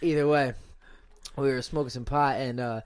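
A man's voice: mid-range voice, steady tone, normal speed, clear, resonant tone. A young man casually telling a story on a podcast, in slangy speech with frequent laughs. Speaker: podcast guest.

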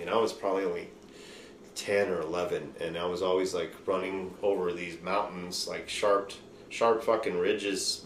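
A man hosting a podcast, telling a rambling, profane story in loose casual chat. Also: low-pitched. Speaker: podcast host. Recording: roomy room with faint noise.

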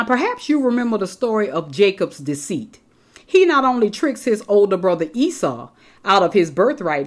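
Woman preacher, sermon delivery, emphatic, repeats key phrases, talks straight to the congregation. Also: mid-range voice. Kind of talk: sermon, Bible teaching.

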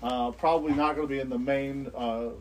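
A man's voice: medium pitch, fairly even intonation, brisk, a little mellow. A man co-hosting a casual podcast, joking and hesitant with frequent fillers. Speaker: podcast co-host.

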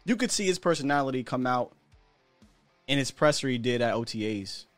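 A man from the United States riffs through casual sports talk as host, candid and slangy, chuckling between points. His voice sits at an ordinary middle pitch and comes across close and dry. Soft music plays faintly underneath. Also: lively intonation, brisk, dry recording. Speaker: podcast host.

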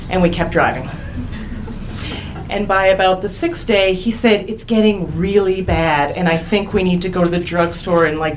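Young woman telling a funny story on stage, wry, laughs at herself, bit of hiss. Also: on the low side. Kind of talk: personal story told on stage.

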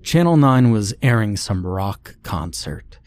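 A man narrating a scripted horror story in a measured, grim way. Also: on the low side, sing-song, a little mellow.

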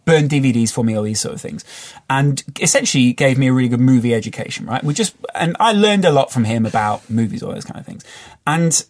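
A man's voice: mid-range voice, lively intonation, fast talker. A man from the English Midlands telling a rambling, sweary story in a casual podcast chat. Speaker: podcast guest.

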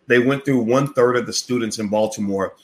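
A finance commentator with a brisk, mid-range voice delivers a blunt, profane opinion rant straight to camera. He repeats himself rhetorically and dares the listener to prove him wrong.

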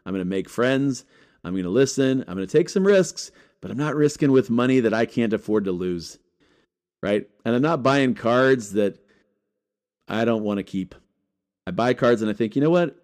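A man vlogging about collecting sports cards, talking casually to his viewers in an energetic, joking way. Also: mid-range voice, normal speed. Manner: energetic, joking, rattles off names. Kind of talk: casual talk to camera.

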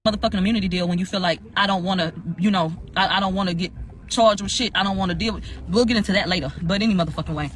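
Woman co-host, rapid profane rant-style recap, noisy recording that may be in a vehicle. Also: mid-range voice. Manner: profane, ranting, animated retelling. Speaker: podcast co-host recapping court testimony. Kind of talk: casual storytelling recap.

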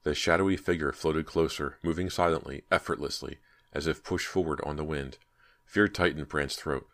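An audiobook narrator with a rumbling low male voice reads a scripted horror story at a steady, measured pace.

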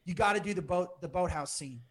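A comedian guest telling an animated story with laughs on a casual podcast. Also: male voice, high-pitched, quick pace.

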